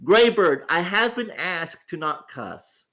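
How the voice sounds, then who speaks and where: Groggy swearing man, higher voice. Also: big pitch swings, slow pace, a bit bright. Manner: rambling, swears freely, stammers on restarts. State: tired, groggy. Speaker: host. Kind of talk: casual livestream chat.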